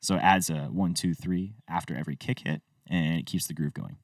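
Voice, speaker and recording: A man's voice: sits low, steady tone, fairly quick, distant mic. A man and music producer talking through a tutorial step by step in an easygoing way. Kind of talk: screen-recorded tutorial walkthrough.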